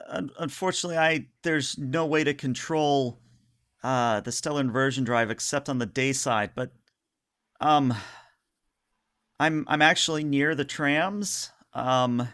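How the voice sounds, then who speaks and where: A man voicing a shaky, frightened woman researcher speaking over an intercom, halting and hesitant. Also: mid-range voice, fairly bright tone, clear, resonant tone, pitched above the performer's own voice. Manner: hesitant, halting with many fillers.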